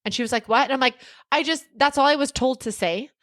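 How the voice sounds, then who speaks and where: A woman co-hosting a podcast, telling stories in a casual, animated way with quick bursts of laughter. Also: sits high. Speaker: podcast co-host. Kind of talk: casual chat.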